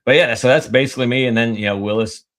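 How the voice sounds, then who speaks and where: A man's voice: mid-range voice, steady tone, fast, fairly bright tone. A man co-hosting a podcast, talking in a laid-back, rambling way about his schedule. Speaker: podcast co-host. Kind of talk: casual podcast conversation.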